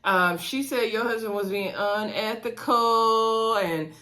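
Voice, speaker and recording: A woman's voice: fairly high pitch, slow, pushed and bright. Woman host, casual recap chat, gossipy, acts out the quotes. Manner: chatty, addresses viewers as y'all, acts out quotes.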